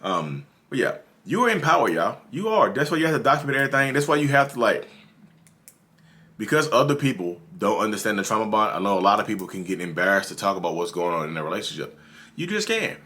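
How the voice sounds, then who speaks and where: A lowish, bright voice with big pitch swings comes from a Southern-drawling North Carolinian who speaks fast and pushes hard. In a casual advice monologue on his channel, he addresses his viewers earnestly and over and over.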